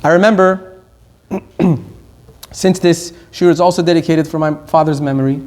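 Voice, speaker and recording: A middle-aged man from Iran giving a Torah lecture as a rabbi, stressing key words slowly and rushing through asides. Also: fairly high pitch, steady tone, darkish tone.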